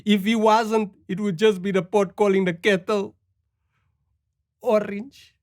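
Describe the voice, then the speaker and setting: A woman's voice: medium pitch, fairly even intonation, unhurried, a little mellow, no room sound, studio quality. A woman, playing a comedy news anchor who delivers a satirical news sketch with mock-newscaster timing.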